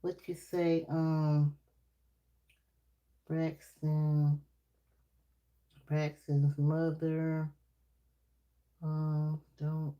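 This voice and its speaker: A woman's voice: little pitch movement, very slow, pauses often, dull audio. A woman reading tarot on a casual live stream, chatty and laughing often as she talks to her viewers. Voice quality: naturally deep voice. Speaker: livestream tarot reader.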